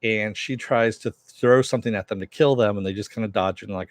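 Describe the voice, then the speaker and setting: A man's voice: lowish voice, brisk, dry recording. Rambling man recapping a TV episode. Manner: loose and rambling, many fillers, mild swearing. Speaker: TV episode reviewer. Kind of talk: casual recap with paraphrased quotes.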